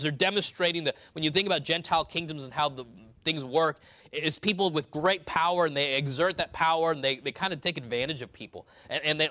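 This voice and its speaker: A man's voice: fairly high pitch, bright, forceful tone, no room sound. A man preaching a sermon in a conversational way, explaining scripture verse by verse.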